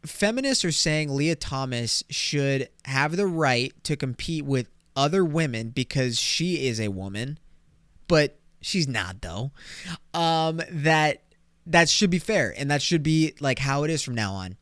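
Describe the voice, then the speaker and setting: Slangy, profane young man, smooth and dry. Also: a little high, a little slow, dry recording. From California. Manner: slangy, profane, animated storytelling. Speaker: podcast host. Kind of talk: casual solo podcast monologue.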